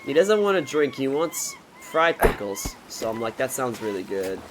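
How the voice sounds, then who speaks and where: A man's voice: mid-range voice, wildly swooping pitch, moderate pace, noisy background. A man in his twenties telling a rambling, profane storytime in a casual, joking way. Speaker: vlogger.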